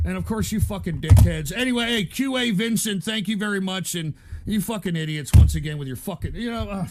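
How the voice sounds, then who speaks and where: A very high-pitched, gravelly man rants furiously at his chat. He stammers and spits out long strings of crude insults, sounding thoroughly angry. His voice stays raspy and shrill throughout. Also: brisk, background noise. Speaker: live show commentator. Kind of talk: profane ranting at chat.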